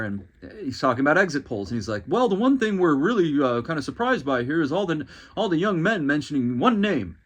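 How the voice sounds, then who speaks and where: A man at a middle pitch for his sex, holding forth alone on a podcast. He rants with exasperation and drops sarcastic asides, repeating and restarting himself as he builds up steam. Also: fairly bright tone. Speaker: podcast host. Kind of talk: solo commentary monologue.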